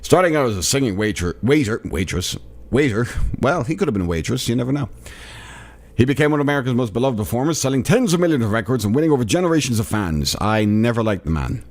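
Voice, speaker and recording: A man's voice: mid-range voice, animated, fast, a little mellow. A tired man hosting a solo comedy podcast, riffing sarcastically on a news article and laughing at his own jokes. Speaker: podcast host.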